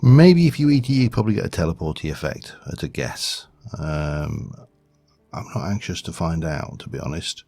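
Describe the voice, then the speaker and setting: A man's voice: low voice, animated, normal speed, vocal fry, mellow, breathy edge, no echo. A man giving rambling, self-deprecating casual commentary over a game. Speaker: gaming video host.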